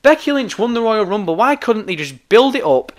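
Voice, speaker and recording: Hoarse, ranting podcaster. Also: male voice, sits high, very animated, a little fast. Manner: heated, sweary, repeats himself. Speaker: podcast host. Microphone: podcast microphone.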